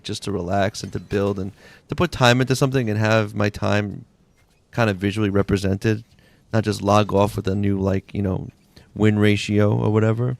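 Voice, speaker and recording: A man's voice: lowish voice, creaky, dry recording. A man live-streaming a game, chatting casually in a rambling, slangy way full of "like"s. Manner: laid-back, rambling, slangy with many "like"s. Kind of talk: casual live-stream chat while playing.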